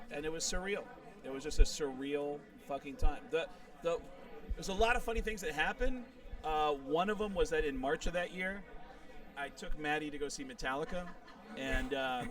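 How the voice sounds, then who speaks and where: A man's voice: a little high, distant mic. A middle-aged male comedian, a guest telling a long profane anecdote in an interview, quoting other people as he goes. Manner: animated, profane, quotes people in their voices. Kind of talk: storytelling in a podcast interview.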